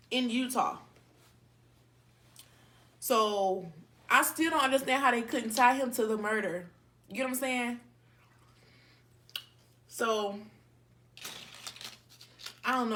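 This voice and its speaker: A woman's voice: on the high side, slow pace, long pauses, bright, forceful tone, slight background noise. A woman vlogger telling a long story in a casual, rambling way, with many fillers and restarts, while eating between sentences. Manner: talks between bites of food. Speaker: mukbang vlogger.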